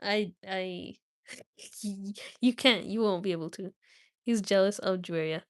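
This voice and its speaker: A woman's voice: medium pitch, measured pace, clean tone, no echo, clean studio sound. A young woman reading a book aloud on a live stream, with small slips and restarts, and chatting casually with her viewers.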